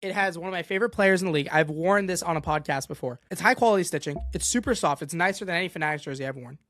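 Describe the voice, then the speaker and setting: A man's voice: fairly high pitch, racing, a bit bright, no echo, studio quality. A young man hosting a solo sports podcast, ranting with exasperation and going off on tangents. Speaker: podcast host.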